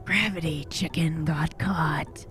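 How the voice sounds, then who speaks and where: A woman's voice: fairly even intonation, slow, fairly bright tone, faint music behind. Kraid, a woman whispering as a hulking crocodile brute. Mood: gruff. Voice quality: low raspy whisper. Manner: broken simple grammar. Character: hulking male crocodile brute, broken speech.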